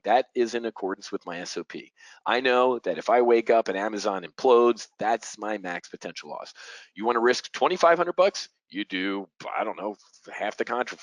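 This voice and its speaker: A man's voice: mid-range voice, dry recording, rough recording. A middle-aged man teaching a live options-trading webinar, punchy and direct, firing rhetorical questions at the audience and using fighter-pilot jargon. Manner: punchy, talks straight to the audience.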